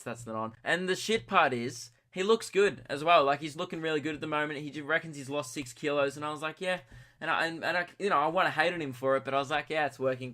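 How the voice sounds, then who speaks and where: A young man in his early twenties with an Australian accent, telling a comic story on his own podcast in a rambling, self-mocking, excitable way. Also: a little high. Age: early 20s. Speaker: podcast host.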